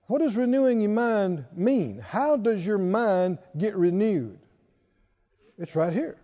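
Here a man delivers a sermon as pastor, his high voice mellow and lively in intonation while he takes his time. He keeps prompting the congregation to answer back, call-and-response fashion. It was captured in a church sanctuary on a dull, lo-fi recording with a hall-like echo.

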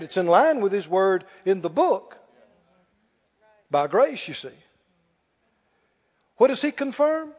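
Animated high-voiced preacher in a reverberant hall. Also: male voice. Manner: animated storytelling with laughs and loud prayer bursts. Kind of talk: sermon. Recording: dull lo-fi sound with long hall reverb.

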